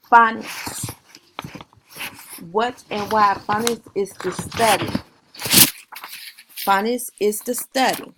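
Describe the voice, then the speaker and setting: A woman giving a recorded class presentation, reading from notes with pauses, fillers and self-corrections. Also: medium pitch, background noise.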